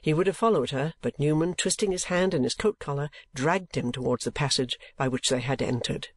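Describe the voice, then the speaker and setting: A man reading a classic novel aloud as an audiobook, in measured, even scripted narration. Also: a little high, no echo. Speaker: audiobook reader.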